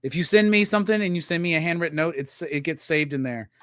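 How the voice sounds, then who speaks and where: A man hosting a live stream, unboxing gifts and gushing with loud, profane excitement. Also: on the high side, fast talker, smooth, no room sound, studio quality. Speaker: live show host.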